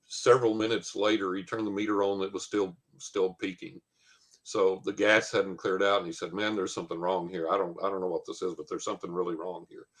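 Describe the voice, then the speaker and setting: A man, telling a long personal story as a guest, with lots of fillers and quoted dialogue. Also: fairly low pitch. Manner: rambling anecdote with many fillers and quoted dialogue. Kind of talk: casual storytelling.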